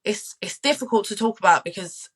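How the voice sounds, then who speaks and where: Speaking briskly in a husky, mid-range voice with lively intonation, a guest in her twenties opens up about her personal struggles, frequently repeating phrases to stress them. The recording quality is low.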